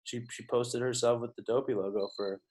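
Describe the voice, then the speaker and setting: A man's voice: mid-range voice, steady tone, brisk, darkish tone. A man telling stories as a podcast guest, rambling and profane and full of "like". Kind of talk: casual storytelling.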